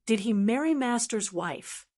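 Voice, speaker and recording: A woman's voice: fairly high pitch, lively intonation, unhurried, darkish tone. Woman voicing a cheeky giggling young disciple. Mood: curious. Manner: teasing, giggly.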